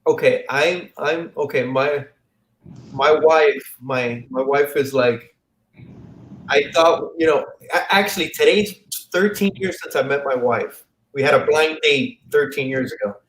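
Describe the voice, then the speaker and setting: A man's voice: on the high side, unhurried, a bit bright. A man from the Miami area, a comic YouTuber as guest, telling stories in a rambling way and often repeating words over a video call mic. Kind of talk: casual live-stream chat. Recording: roomy echo, faint hiss.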